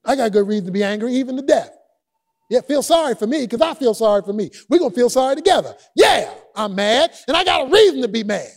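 A preacher acting out a sulking, whiny prophet. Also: male voice, very high voice, lively intonation, fast, heavily acted. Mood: self-pitying. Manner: whiny, indignant, in casual street slang. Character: sulking, self-pitying grown male prophet.

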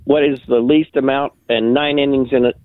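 A man's voice: mid-range voice, fairly even intonation, a little fast, no room sound. Male caller, tinny phone line, hesitant delivery. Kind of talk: phone call-in.

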